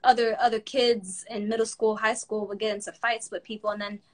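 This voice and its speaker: A woman host in casual chat, talking frankly and in an animated way about growing up. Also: mid-range voice, brisk.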